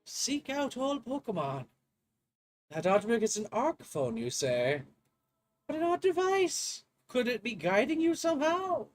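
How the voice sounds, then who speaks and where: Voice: medium pitch, sing-song, a little slow, faint music behind, pitched above the performer's own voice. A player reads game dialogue aloud in a put-on voice as a genteel, chatty male professor with polite old-fashioned phrasing. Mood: earnest. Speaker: gaming video creator.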